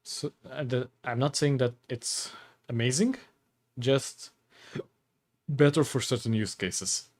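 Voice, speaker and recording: A man's voice: mid-range voice, slow pace, long pauses. A man chatting casually on a live stream, rambling and breaking off his own sentences. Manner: rambling, self-interrupting, hiccups and coughs.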